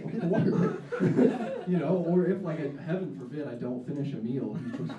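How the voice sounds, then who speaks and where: A young man performing stand-up, rambling and self-mocking, his talk full of ums and restarts. His voice is very dark and mellow, at a middle pitch. It is recorded from a distance in an echoey diner, with faint noise behind him. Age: young adult. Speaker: stand-up comedian. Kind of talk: live stand-up set. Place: diner in front of an audience. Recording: echoey room, mic from afar, faint noise.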